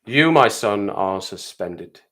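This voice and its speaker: A man's voice: fairly low pitch, lively intonation, takes it slowly, pushed and bright, voice pushed down, full character voice. A man voicing a stern, disgusted male head teacher who barks contemptuous commands.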